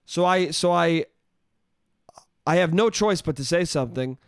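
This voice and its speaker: High-voiced man ranting, comedy podcast. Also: expressive, unhurried, pauses often, clean tone, dry recording, studio quality. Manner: profane, exasperated ranting. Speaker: podcast host. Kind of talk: comedic solo storytelling.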